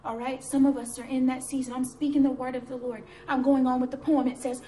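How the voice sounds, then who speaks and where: At home in front of her computer, a Christian woman speaks into her webcam, giving an earnest, encouraging devotional sermon and reading a poem with mounting fervor. Her high voice is dark in tone and fairly flat in pitch, and she talks fast with few pauses.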